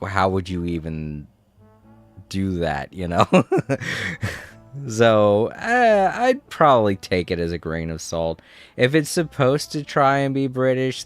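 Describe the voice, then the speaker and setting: Slow, smooth-voiced man rambling. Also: sits low. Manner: rambling, laughs often. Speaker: streamer. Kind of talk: casual game commentary.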